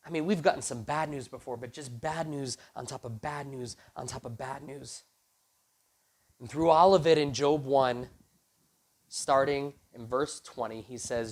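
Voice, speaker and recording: A youth pastor addresses a youth group in a mid-range voice at a moderate pace. Retelling a Bible story in a relaxed way, he animatedly performs the characters' lines using casual slang.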